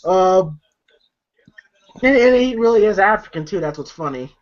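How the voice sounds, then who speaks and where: A movie reviewer retells a comedy scene by scene in a loose, rambling monologue full of fillers and casual swearing. The pitch sits in a middling range and often breaks into laughter. The sound is a bit dull and lo-fi. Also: expressive, normal speed. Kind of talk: casual film recap.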